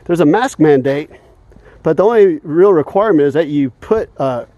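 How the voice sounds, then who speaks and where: A man's voice: a little high, animated, moderate pace, warm tone, no room sound, muffled recording. A man vlogging while walking outdoors in the evening, talking in a heated, indignant way and chuckling often between points. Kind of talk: casual rant while walking.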